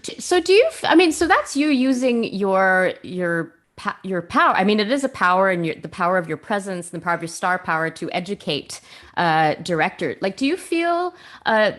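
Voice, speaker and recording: A woman moderating a panel, asking questions haltingly while searching for words. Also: mid-range voice, sing-song, a bit bright. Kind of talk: interview questions.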